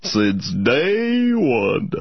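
A soft, husky cartoon turtle, kindly and wise, his pitch swinging up and down as he soothes a troubled friend, as a man puts him on. The sound is dry and a little dull, like a lo-fi radio sketch. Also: huge pitch swings, very slow, no room sound, exaggerated voice. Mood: reassuring. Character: kindly male cartoon turtle mentor, gentle.

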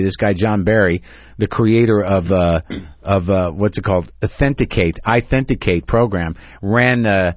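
A man's voice: medium pitch, no room sound. Rambling sarcastic male radio host, lo-fi. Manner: rambling, sarcastic, restarts often. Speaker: radio talk show host. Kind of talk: casual radio banter.

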